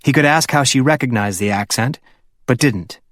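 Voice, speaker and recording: A man narrating an audiobook in a steady, understated way. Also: mid-range voice, moderate pace, dry recording, studio quality.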